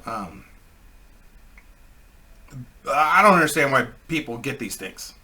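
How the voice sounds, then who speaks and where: A man's voice: mid-range voice, very animated, takes it slowly, sharp tone. A man telling a rambling, crude comic anecdote in a casual way, laughing at his own story.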